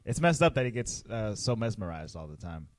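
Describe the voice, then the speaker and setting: A man co-hosting a casual podcast chat, relaxed, joking and explanatory. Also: on the low side, a little fast, dry recording. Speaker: podcast co-host.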